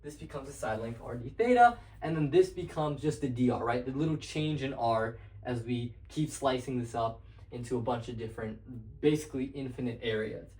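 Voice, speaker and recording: A man's voice: mid-range voice, a little fast, a little mellow. A young man teaching math at a whiteboard in a loose, rambling way, full of fillers and restarts. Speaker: math tutor. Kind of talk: casual whiteboard lesson. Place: room with a whiteboard. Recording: echoey room.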